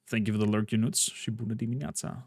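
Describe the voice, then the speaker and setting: A man's voice: lowish voice, fairly even intonation, fast talker, darkish tone, husky, no room sound, studio quality. A man streaming a game, chatting casually and rambling through a recap. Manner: rambling, chatty, with frequent fillers. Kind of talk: casual gameplay commentary. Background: faint game music.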